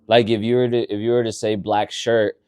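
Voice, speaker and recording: A man co-hosting a casual podcast, explaining things in a rambling, animated way and swearing often. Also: fairly low pitch, brisk, clean tone, no room sound. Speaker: podcast co-host. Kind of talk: casual chat.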